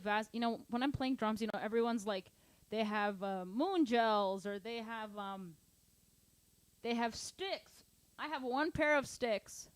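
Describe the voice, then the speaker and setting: Chatty and playful, this drum teacher sings patterns out loud while answering her students' questions during a relaxed online lesson. She has a mid-range, slightly mellow voice, recorded through a studio mic at her drum kit with no room sound.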